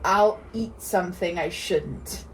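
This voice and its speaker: Brief: woman in her twenties, slightly low voice, playful podcast co-host, faint hiss behind. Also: takes it slowly. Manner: chatty, laughs often, playful. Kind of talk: casual chat.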